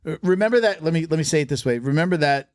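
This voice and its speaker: A man's voice: a little high, animated, very fast, dry recording, clean studio sound. A man who is a martial arts marketing expert, talking casually as a podcast guest and telling stories with emphasis and many restarts.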